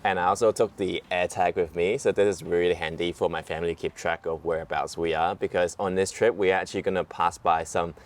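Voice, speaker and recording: A young man casually explaining his packing and travel plans in a vlog, relaxed and a little teasing. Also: deep voice, fairly quick, hardly any pauses. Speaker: vlogger.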